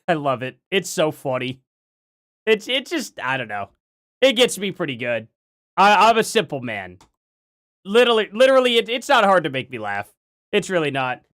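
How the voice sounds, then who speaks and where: A man's voice: sits high, sing-song, moderate pace, a bit bright. A man live streaming casual commentary, rambling with lots of fillers and chuckles.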